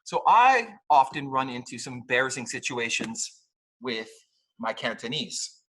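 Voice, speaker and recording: A man teaching English pronunciation to a class in a playful, animated way. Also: mid-range voice, a little slow, a little hiss or hum. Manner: lively, playful, mimics mistakes and laughs often.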